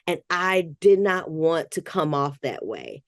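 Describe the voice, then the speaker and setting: A woman's voice: low-pitched, big pitch swings, a little slow, dry recording. Reflective woman therapist, dry sound. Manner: reflective, thinks aloud with restarts and soft laughs. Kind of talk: podcast conversation.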